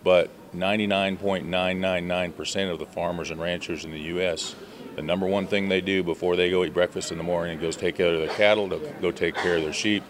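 Deep-voiced American agriculture advocate. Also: male voice, steady tone, brisk, crowd noise. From USA. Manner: earnest, advocating, with restarts. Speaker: leader of a student agriculture tour. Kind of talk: interview answers.

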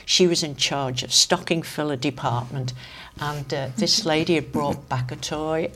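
Low-voiced Manx woman telling stories. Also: a little slow, slight background noise. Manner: chatty storyteller, lively asides. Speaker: interview guest. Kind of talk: casual reminiscing anecdotes.

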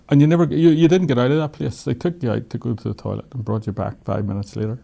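A man's voice: mid-range voice, fairly even intonation, fast, gravelly, warm tone. An Irish man, a guest in an interview, tells his story in a reflective, wry way and often laughs while he talks. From Ireland.

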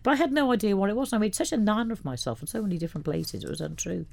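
A woman who heads a youth arts centre, telling stories as a guest on a radio interview in a lively, rambling way. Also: medium pitch, very fast, gravelly, a little hiss or hum.

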